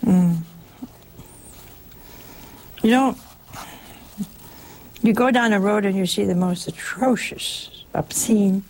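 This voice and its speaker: A woman's voice: mid-range voice, slow, long pauses, darkish tone. A woman giving a conversational sermon in a folksy way, often turning to the listeners with rhetorical questions. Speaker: preacher.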